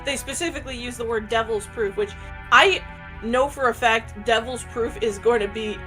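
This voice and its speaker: Woman on a stream explaining stuff kinda rambly, slightly high voice, faint music. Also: moderate pace, fairly bright tone. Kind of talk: casual stream chat.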